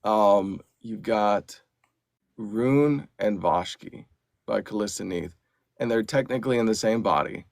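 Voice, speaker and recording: A man, an audiobook narrator and actor, chatting as a podcast guest in an animated way with lots of fillers. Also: lowish voice, measured pace, vocal fry, dry recording, studio quality. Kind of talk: casual podcast chat.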